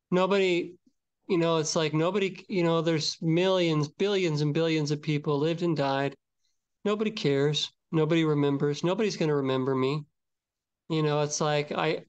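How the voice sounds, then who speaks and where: A man's voice: on the high side, smooth. An older man co-hosting a podcast, talking in a reflective, searching and hesitant way about faith. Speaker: podcast co-host. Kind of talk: casual faith talk.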